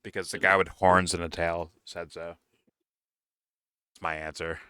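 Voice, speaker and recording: A man's voice: deep voice, flat delivery, a little slow, pushed and bright, clear, resonant tone, dry recording, studio quality. A man reacting live to a clip, talking to his audience in a profane, mocking way. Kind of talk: casual reaction commentary.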